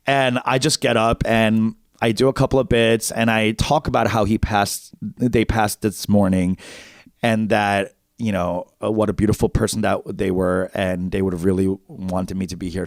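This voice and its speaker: A man's voice: low voice, normal speed, no room sound, clean studio sound. A man co-hosting a podcast, telling a funny story in a loose, chatty way, swearing freely. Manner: animated, swears freely, breaks into laughter. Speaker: podcast co-host. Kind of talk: casual comedic storytelling. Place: podcast recording setup.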